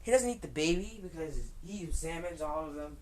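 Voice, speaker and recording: A woman's voice: low-pitched, brisk, darkish tone, rough recording. A woman improvising a fan story in casual, rambling talk, full of swearing and restarts, and snapping defiantly at critics. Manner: rambling, profane, frequent restarts.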